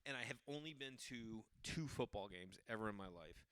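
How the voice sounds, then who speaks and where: Bright, crisp-voiced man telling stories. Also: lowish voice, fairly quick, dry recording. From Boston area. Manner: animated, jumps into quoted voices, loose and chatty. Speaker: podcast host. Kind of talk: casual comic storytelling.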